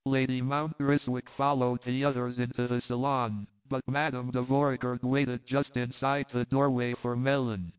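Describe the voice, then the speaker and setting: A man's voice: mid-range voice, flat delivery, moderate pace, hardly any pauses, clear, resonant tone. Man narrating a novel over a tinny line. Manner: reads punctuation aloud at times. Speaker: audiobook narrator. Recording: tinny phone-like sound.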